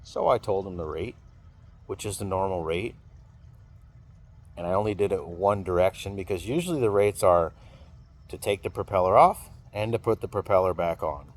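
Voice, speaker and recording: A man's voice: sits low, normal speed, pauses often. A man telling a story in a casual venting monologue, rambling and swearing freely. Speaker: vlogger venting.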